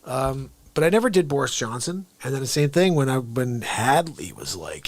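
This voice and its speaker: A man's voice: mid-range voice, big pitch swings. A man hosting a live comedy stream, chatting casually and rambling between impressions, often trailing off into mumbles. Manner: rambling, quick asides, drops to mumbles. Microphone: streaming microphone.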